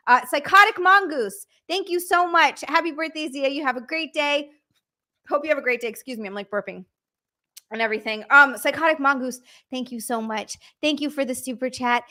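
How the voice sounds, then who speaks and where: A young woman on a live stream, her high voice bright and ringing. She gushes and thanks viewers breathlessly, swearing freely as she reads their messages aloud. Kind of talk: live stream, reading out super chats.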